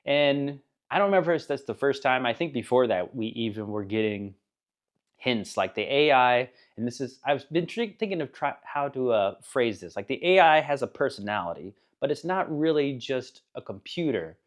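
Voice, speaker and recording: A man's voice: mid-range voice, expressive, normal speed. A man giving a casual spoken book review, rambling and enthusiastic, laughing now and then at the funny parts.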